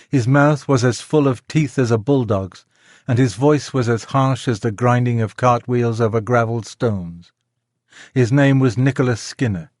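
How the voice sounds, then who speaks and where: Male audiobook narrator, middle pitch, measured and gentle, very dry booth. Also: no echo. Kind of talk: scripted narration of a classic children's novel. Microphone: close studio mic, dry.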